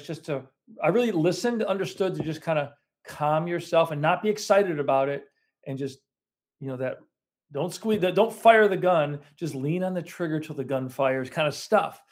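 A man's voice: on the high side, a little mellow. A man, a business owner, telling his story in a casual interview with many restarts and fillers. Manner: rambling, self-correcting storyteller.

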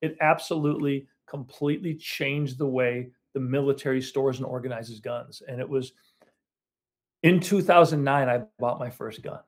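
A man's voice: medium pitch, moderate pace. A man, a business owner, telling his story in a casual interview with many restarts and fillers. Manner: rambling, self-correcting storyteller.

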